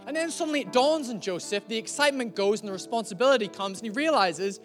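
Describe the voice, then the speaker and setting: A man preaching a sermon in a conversational, storytelling way, slowing down to stress key lines. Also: sits high, lively intonation, music in the background.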